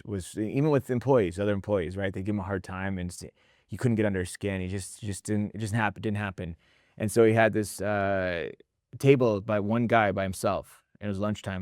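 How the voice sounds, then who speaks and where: A man talking casually in a podcast conversation, telling animated stories, acting out quotes and tagging his points with "right?", with some mild swearing. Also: lowish voice, dry recording, studio quality. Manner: animated storyteller, acts out quotes, tags lines with "right?". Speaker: restaurant leadership founder and host.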